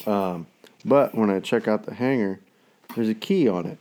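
A man's voice: lowish voice, normal speed, mellow, slight background noise. A man in casual chat, rambling through everyday stories and swearing constantly.

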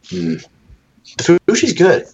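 A man's voice: a little high, huge pitch swings, takes it slowly, dull audio, crowd noise. A young man chatting casually as a podcast co-host, telling rambling, profane stories. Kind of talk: casual chat.

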